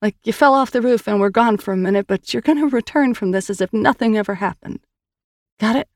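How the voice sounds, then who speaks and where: A woman's voice: medium pitch, a little fast, no echo, studio quality, voice pushed up, natural voice. A woman doing an earnest young sister pleading. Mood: urgent. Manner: urgent and reassuring.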